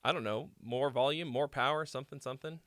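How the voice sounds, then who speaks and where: A man's voice: mid-range voice, fast, a bit bright, dry recording, studio quality. Casual man giving music critique. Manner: loose, rambling, swears casually, many fillers. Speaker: host reviewing viewer songs.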